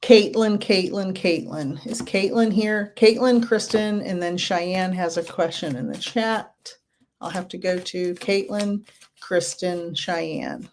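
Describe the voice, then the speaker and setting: Slow-talking gentle woman medium. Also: lowish voice, sing-song, a little hiss or hum. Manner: gentle, reassuring, repeats names. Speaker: medium giving card readings to live chat. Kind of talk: livestream reading.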